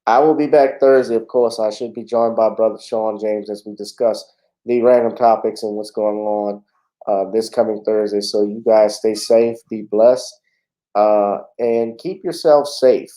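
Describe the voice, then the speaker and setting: A man's voice: on the low side, steady tone, a little slow, mellow, rough recording. A man hosting a casual livestream talk show, chatting in a laid-back way with frequent fillers.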